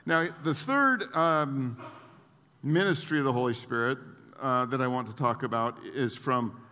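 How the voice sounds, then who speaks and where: Man, conversational sermon, crisp bright tone, long church reverb. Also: a little high. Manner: conversational preaching with frequent restarts and acted-out quotes. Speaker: pastor. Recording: long reverb of a large hall.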